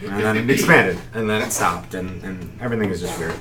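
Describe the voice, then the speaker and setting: A man's voice: low-pitched, brisk. A young man running a tabletop game, narrating in a loose, rambling way with many fillers. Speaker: game master. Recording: faint hiss.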